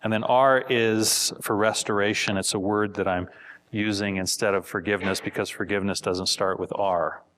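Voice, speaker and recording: Male seminar teacher, lowish voice, plain hesitant delivery with repeated words. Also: steady tone, moderate pace, fairly bright tone.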